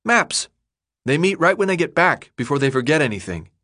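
A blunt, impatient young boy who brushes off every question, his raised boyish pitch swinging up and down. A man voices him in an audiobook reading. He sounds quick and dismissive. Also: sing-song, pushed and bright. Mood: sarcastic. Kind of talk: audiobook character voice.

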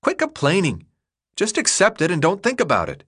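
A man voicing a sarcastic, blunt young boy in an audiobook, with a raised boyish pitch and quick, dismissive delivery. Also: huge pitch swings, fairly bright tone, full character voice. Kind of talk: audiobook character voice.

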